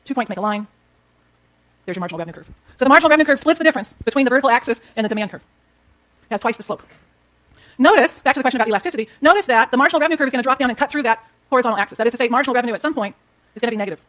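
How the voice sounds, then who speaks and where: A woman's voice: a little high, expressive, very fast, long pauses, a bit bright. A woman teaching an economics class, explaining step by step while she draws graphs and talks to her students. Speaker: economics lecturer. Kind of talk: classroom lecture.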